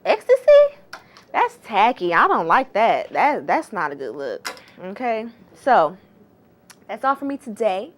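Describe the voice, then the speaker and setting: A woman's voice: medium pitch, very animated, a little slow, fairly bright tone. A woman hosting a casual gossip vlog, chatty and sassy, with slangy, exclamatory asides. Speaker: entertainment gossip host.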